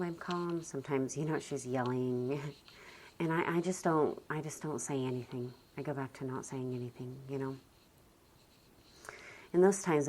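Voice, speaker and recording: A young adult woman talking gently and slowly about calm parenting, often dropping almost to a whisper. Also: rumbling low, a little hiss or hum. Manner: soft, slow and gentle, often near a whisper. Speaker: parenting vlogger. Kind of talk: calm reflective talk to camera.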